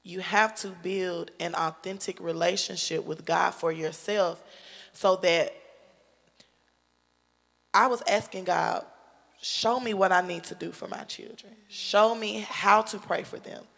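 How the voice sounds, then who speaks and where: A woman's voice: on the low side, fairly even intonation, measured pace, vocal fry, fairly bright tone, long reverb tail. A woman on a panel speaking earnestly and emphatically in casual chat. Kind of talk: casual chat turning to exhortation.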